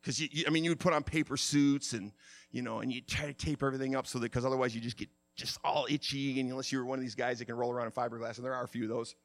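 A middle-aged man preaching a sermon, telling stories in an animated way and acting out the shouts himself. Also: medium pitch, very fast. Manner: animated storytelling, acts out shouts. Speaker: pastor.

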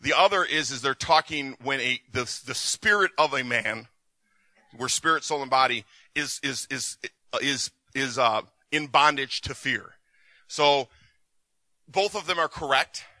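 A man's voice: mid-range voice, measured pace, sharp tone, no room sound. A man teaching a church group in a sermon, talking in a loose, conversational way and restarting his sentences often. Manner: conversational, with repeated restarts and acted quotes. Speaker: pastor. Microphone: recorded for the session.

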